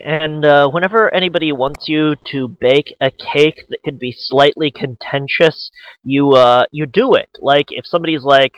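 Rambling joking man, slightly high. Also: fairly bright tone, no room sound, dull audio. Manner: rambling and joking, with restarts and mock quotes. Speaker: podcast co-host. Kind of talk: casual comedic podcast chat.

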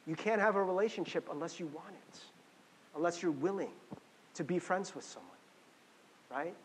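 Male pastor, conversational sermon, high voice, long church-hall reverb. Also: breathy edge. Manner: conversational, animated, many restarts and fillers.

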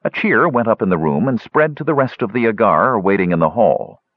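A man narrating a fantasy audiobook in an expressive storytelling manner. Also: lowish voice, brisk, breathy edge, no room sound, narrow, tinny audio.

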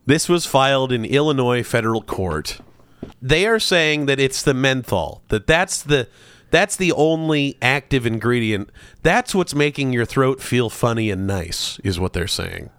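Comedic male podcast co-host, playful mock-earnest read, very animated pitch, dry studio sound. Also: clean tone, no room sound. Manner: playful mock-earnest delivery, drawn-out words. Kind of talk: comedic podcast banter reading a sponsor spot.

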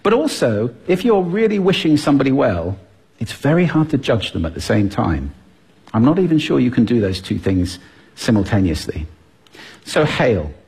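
A man speaks from a stage with a very husky, breathy voice. His pitch swoops up and down constantly as he plays with his delivery to show his points. He sounds lively and playful, like a seasoned public speaker. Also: normal speed. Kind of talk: stage talk to a live audience. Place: stage before an audience.

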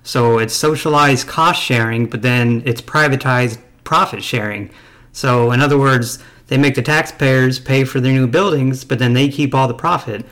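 A man making a prank phone call, calm and deadpan as he provokes the other person. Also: medium pitch, normal speed. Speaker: prank caller.

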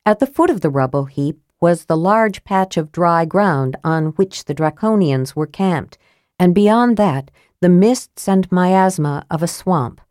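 A woman with a low voice narrates an audiobook in a steady, clear storytelling manner. The recording is close and dry, with no room sound behind her. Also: a little slow, no room sound.

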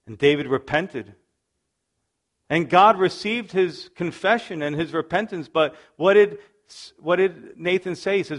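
A man's voice: medium pitch, lively intonation, normal speed. Man preaching with dramatic storytelling. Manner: dramatic storytelling, acting out voices, swinging from loud to hushed. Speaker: pastor. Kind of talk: sermon.

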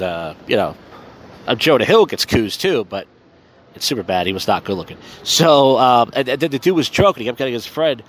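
A man's voice: lowish voice, slight background noise. A man hosting a casual solo podcast, rambling loosely with profane, wry asides, recorded outdoors in a city on a phone. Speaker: podcast host.

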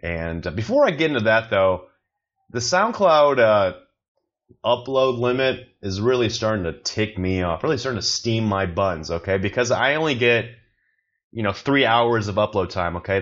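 A man's voice: lowish voice, animated, normal speed, a bit bright, highs cut off. A man hosting a casual solo podcast, rambling with many fillers and restarts, joking at his own expense. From not from China, living in Beijing. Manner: rambling, self-deprecating, lots of fillers and restarts. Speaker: podcast host.

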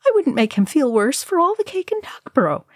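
Woman reading as a young hobbit, high-pitched and earnest, talks fast. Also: sing-song, no room sound, clean studio sound. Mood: earnest protest. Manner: high, eager and protesting.

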